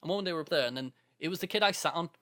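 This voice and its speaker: Here a young man co-hosting a podcast talks very fast in a fairly high, slightly bright voice. He's spinning a story in casual conversation, voicing quotes and laughing frequently.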